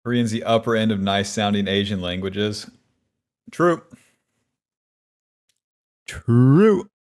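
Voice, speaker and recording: A man's voice: fairly low pitch, takes it slowly, darkish tone. A man streaming a video game, chatting casually with a wry, profane, grumbling manner. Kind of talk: casual gaming stream chat.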